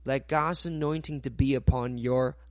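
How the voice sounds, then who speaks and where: A man preaching a sermon in English with non-native phrasing, often acting out the people he quotes in lively voices. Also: mid-range voice, normal speed, no room sound. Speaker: pastor.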